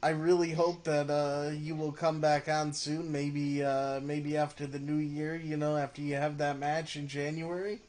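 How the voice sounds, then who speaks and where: A man's voice: on the high side, flat delivery, darkish tone. Easygoing male podcast host. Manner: easygoing, quick to laugh. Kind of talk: casual interview.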